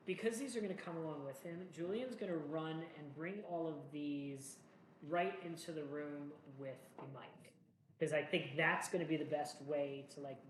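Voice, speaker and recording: A man hosting a solo board game playthrough, chatting through each move in a jokey, self-mocking way. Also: fairly high pitch. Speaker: solo board game player and channel host. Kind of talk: casual playthrough commentary. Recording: echoey room with faint noise.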